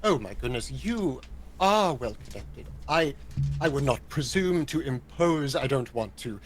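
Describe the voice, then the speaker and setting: Man doing a fussy, fawning aristocratic gentleman in a tabletop game, raising his pitch to coo "darlings" and gasp at scandal. His pompous speech bobs up and down in a lively, theatrical lilt. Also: unhurried, soft background music, natural voice. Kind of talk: improvised tabletop role-play.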